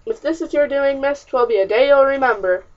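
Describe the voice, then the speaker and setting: A woman's voice: sits high, brisk, lo-fi sound, pitched above the performer's own voice, natural voice. A woman reading the part of a stern, short-tempered colonial father who scolds and blusters in old-fashioned speech. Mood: angry. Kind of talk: audiobook character reading.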